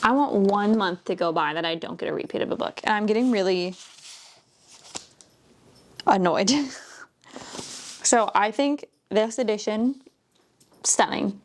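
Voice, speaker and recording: A woman chatting casually as she unboxes books, gushing, gasping and dropping into soft whispers. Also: medium pitch, slight background noise. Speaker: book vlogger.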